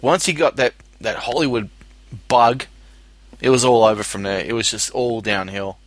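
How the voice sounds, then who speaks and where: A man's voice: mid-range voice, moderate pace, dry recording. An Australian man co-hosting a casual chat, blunt and profane, often laughing.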